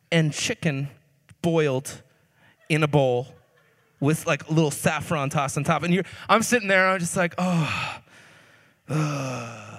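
A young man preaching a sermon through a funny story, animated and jokey, swinging between loud and hushed. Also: a little high. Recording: long reverb of a hall.

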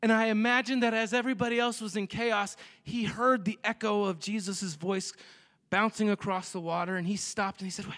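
A young man preaches in a loose, conversational way, acting out little scenes as he goes. His voice sits high and sounds bright and forward. Long reverb trails behind him from the big church hall. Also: brisk. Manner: animated, chatty preaching with jokes and acted-out quotes. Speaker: pastor. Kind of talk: sermon. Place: church sanctuary.

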